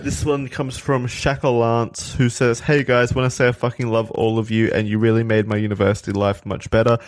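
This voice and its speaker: A man with a somewhat low voice reads listener messages aloud on a podcast in a laid-back way. The sound is close and dry. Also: a little mellow, no room sound. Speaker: podcast co-host.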